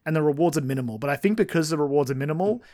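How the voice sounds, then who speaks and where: A fairly high-voiced man chats on a gaming podcast, teasing his co-host and laughing often. He sounds relaxed and conversational. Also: racing. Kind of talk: casual chat.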